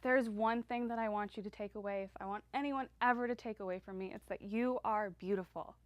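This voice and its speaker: A woman's voice: mid-range voice, steady tone, dry recording, lo-fi sound. Earnest woman speaker, dry close sound. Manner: earnest, heartfelt, with slow emphatic affirmations. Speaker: motivational speaker. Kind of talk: personal motivational talk.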